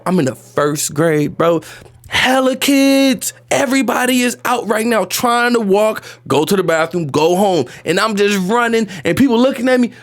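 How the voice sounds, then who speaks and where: Male vlogger, high voice, emotional storytime monologue, slangy, raw, near tears. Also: moderate pace. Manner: animated, repetitive retelling, slangy and profane. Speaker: vlogger telling a personal story.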